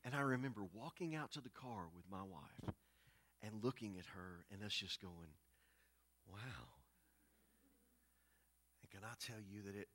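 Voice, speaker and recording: Animated pastor with bright voice. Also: male voice, fairly low pitch, brisk. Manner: animated, repeats words while telling a story. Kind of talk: storytelling sermon.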